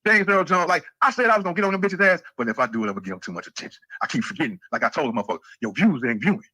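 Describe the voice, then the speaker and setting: A man's voice: a little high, low-quality recording. A man telling profane stories in a casual live-stream chat. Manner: fast, profane storytelling, animated quoting.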